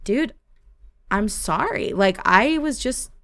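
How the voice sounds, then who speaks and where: A woman voicing an earnest young man who speaks softly and reassuringly, like a caring older brother. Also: sits high, lively intonation, slow pace, exaggerated voice. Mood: pleading. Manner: soft-spoken, reassuring, hesitant.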